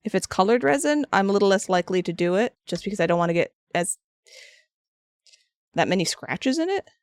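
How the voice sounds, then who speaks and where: A woman's voice: medium pitch, very animated, brisk, clean tone, dry recording, studio quality. A woman streaming as she sculpts and paints, chatting casually and answering her viewers. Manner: chatty and rambling, answering chat with frequent restarts. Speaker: craft streamer.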